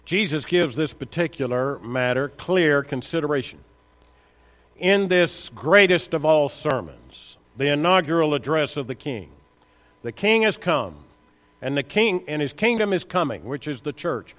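A man's voice: a little high, animated, a little slow, fairly bright tone. A man preaching a sermon, firing rhetorical questions at the congregation and building to emphatic peaks.

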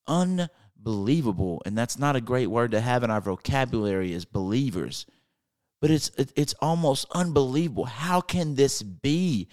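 Male podcast preacher, earnest, stumbling restarts, mid pitch, conversational sermon. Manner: earnest, repeats words and restarts while retelling Bible stories.

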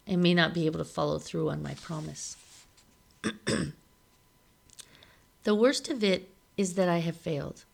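A woman reads a novel aloud in a steady, measured way. Her voice sits low, with a gravelly fry at the edges of phrases. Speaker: reader of a novel.

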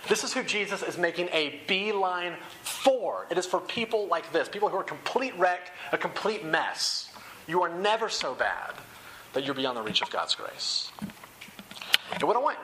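A man's voice: a little high, background noise. A young man preaching a sermon to a seated crowd, in an earnest, conversational way that repeats and restates phrases. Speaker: campus ministry speaker. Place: room with rows of chairs.

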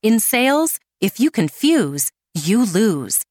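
A woman's voice: very animated, slow, darkish tone, dry recording, clean studio sound. Woman reading a polished ad. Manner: polished, upbeat pitch. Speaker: ad announcer. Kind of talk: scripted ad read.

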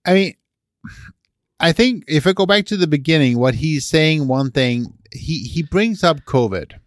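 A man's voice: a little high, lively intonation, moderate pace, no room sound, clean studio sound. A man co-hosting a podcast, reasoning aloud and often checking for agreement. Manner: questioning, seeks agreement with "right?". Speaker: podcast co-host. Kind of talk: casual chat.

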